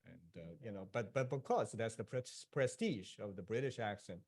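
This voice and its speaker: Male author on a discussion panel, expressive storyteller with an anecdotal, joking manner. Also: on the low side, moderate pace, slightly rough. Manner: animated storyteller, laughs at own jokes. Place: public event, speaking to an audience.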